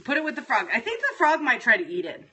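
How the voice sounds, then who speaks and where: A middle-aged woman talking off the cuff to her livestream audience, exasperated and freely profane. Her voice sits a little high and sounds bright and forward. She drifts from thought to thought in a loose, scattered chat. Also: sing-song, quick pace, breathy edge. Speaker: livestream host. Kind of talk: casual livestream chat with viewers.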